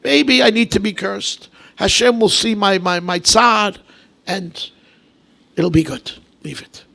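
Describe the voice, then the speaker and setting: A man voicing a calm, forbearing biblical king in a sermon, pleading in a measured way. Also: sits high, creaky, full character voice.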